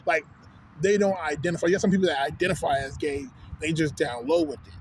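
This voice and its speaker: Talking fast in a somewhat high voice, a Texan vlogger goes on a casual, profanity-laced street rant outdoors in the city. He rambles and keeps checking with "you know what I'm saying," with a bit of background noise.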